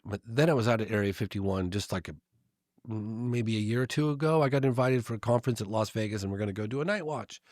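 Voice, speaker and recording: A man with a low voice tells a long story, rambling through fillers and restarts. He slips into the voices of the people he quotes. The sound is close and dry, with no room around it. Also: no echo. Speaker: guest. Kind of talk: casual anecdote storytelling.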